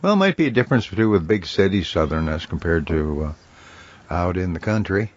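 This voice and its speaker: A man with an Upper Midwestern accent, hosting a casual podcast chat in a relaxed, easygoing way. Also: sits low, fairly quick. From northern Minnesota, US. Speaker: podcast host. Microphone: home computer mic. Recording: dull lo-fi audio with faint hiss.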